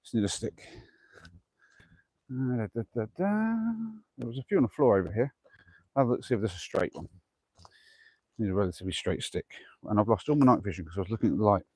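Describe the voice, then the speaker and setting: A man's voice: on the low side, very fast, husky, no room sound. A man live-streaming a camping vlog outdoors at night, chatty and self-deprecating, talking through each task and huffing from the effort. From England. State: huffing from exertion. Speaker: camping vlogger.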